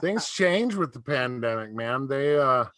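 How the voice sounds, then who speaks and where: A man's voice: mid-range voice, lively intonation, unhurried, a bit bright, no room sound. A middle-aged man doing a stand-up comedy set over a video call, telling rambling stories and laughing at his own jokes.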